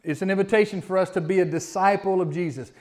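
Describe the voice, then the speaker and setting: Folksy preacher man, slightly high voice. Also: fast. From Southern United States. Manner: folksy, repeats words, preaches with rising emphasis. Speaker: pastor. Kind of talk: sermon.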